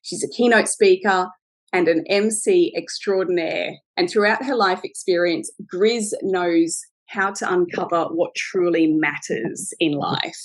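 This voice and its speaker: A woman hosting a podcast interview, introducing her guest and asking warm, encouraging questions. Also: on the low side, unhurried, low-quality recording. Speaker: podcast host. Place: podcast studio.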